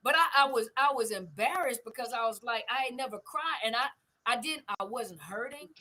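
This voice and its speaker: A woman's voice: on the high side, animated, a little fast, sharp tone, poor audio. An older woman, hosting a family conversation and telling stories with emphatic repetition. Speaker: host.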